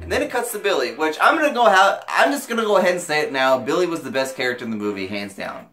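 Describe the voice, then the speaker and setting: A young man giving a casual movie review vlog, emotional and excitable, swearing freely as his pitch leaps when he gets worked up. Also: fast, soft background music.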